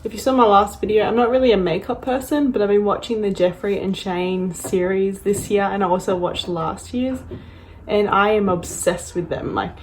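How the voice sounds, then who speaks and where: A young woman, gushing and gasping with excitement as she unboxes in a casual vlog, sometimes dropping to breathy whispers. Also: medium pitch, normal speed, a little hiss or hum. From Australia. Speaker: vlogger.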